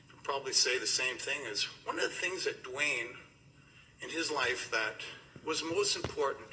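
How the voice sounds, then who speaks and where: A man's voice: mid-range voice, sharp tone, slight background noise, poor audio. A middle-aged man giving a rambling, emotional funeral eulogy, laughing through his stories about a friend. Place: funeral gathering indoors.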